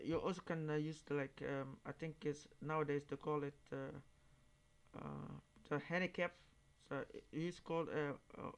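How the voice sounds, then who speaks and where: A man hosting a reaction video, talking casually in halting English, searching for words, then growing emphatic. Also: on the high side, smooth. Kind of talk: casual monologue commentary.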